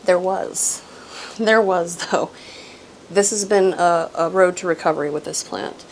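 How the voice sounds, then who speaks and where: Speaking a bit slowly in a fairly low voice, an adult woman with a grown daughter presents her houseplants in a casual show-and-tell vlog, chatty, self-deprecating, laughing frequently and trailing off with ums. The low-quality recording carries a little hiss or hum.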